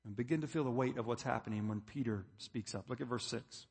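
A man's voice: mid-range voice, fast, hardly any pauses, a little mellow, breathy edge, in a large hall. A man preaching a sermon, building to emphatic points as he reads scripture. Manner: preaching, reading scripture aloud with rising emphasis. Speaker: pastor.

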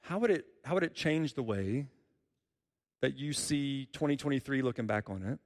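A man's voice: mid-range voice, lively intonation, normal speed. Earnest preacher man in a reverberant hall. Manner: earnest, repeats key phrases for emphasis. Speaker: pastor. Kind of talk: sermon.

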